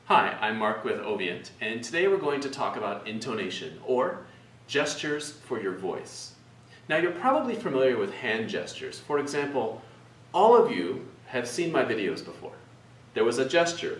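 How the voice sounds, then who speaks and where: A man teaching presentation skills in a lively voice that rises and falls widely as he demonstrates his points. He sounds set back from the mic in a roomy space, with a faint hum of ambience behind him. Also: moderate pace, distant mic. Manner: demonstrative, shifts pitch for examples. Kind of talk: video lesson on public speaking.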